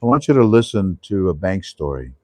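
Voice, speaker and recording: A man's voice: low voice, big pitch swings, a little fast, darkish tone, dry recording. A man hosting a casual monologue, emphatic and repetitive, often breaking into laughter. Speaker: host. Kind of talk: casual talk show monologue.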